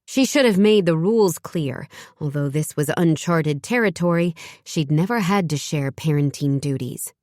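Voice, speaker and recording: Low-voiced woman narrating an audiobook. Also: animated, moderate pace, hardly any pauses, a little mellow, no echo, studio quality. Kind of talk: scripted narration.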